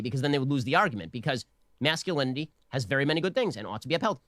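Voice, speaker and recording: A man delivering a rapid, combative political monologue, emphatic and argumentative. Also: on the high side, big pitch swings, a bit bright, no echo, clean studio sound. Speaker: political commentator.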